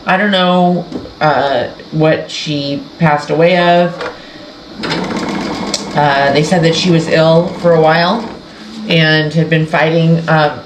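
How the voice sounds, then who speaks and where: On her sewing channel, a woman chats casually while showing her quilting project, rambling and interrupting herself, tearful and emotional. Her voice sits low with fairly even intonation, and she speaks slowly with long pauses. The room is echoey, with faint background noise.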